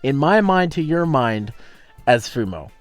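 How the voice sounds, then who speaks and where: A man chats with friends while playing a game, excitable and quick to swear. His voice is mid-pitched and very lively. Game music is faint behind him. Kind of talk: casual group chat while playing a game.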